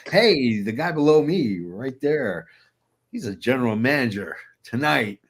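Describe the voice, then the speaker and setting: Gravelly, lively male podcast host. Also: medium pitch, a little slow. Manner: jokey mob-boss persona, laughing often. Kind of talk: casual wrestling chat.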